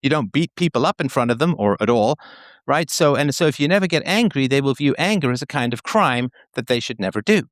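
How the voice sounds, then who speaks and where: A man's voice: medium pitch, brisk, no room sound. A man hosting a call-in show, talking frankly and probing the caller. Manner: frank, probing, lively delivery.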